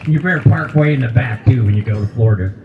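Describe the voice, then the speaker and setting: A man's voice: mid-range voice, fast, narrow, tinny audio, noisy background. A man in his seventies performing a stand-up comedy set, folksy and teasing the crowd. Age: 70s. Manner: folksy, teasing the crowd, jokes about old age. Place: brewery stage with live audience.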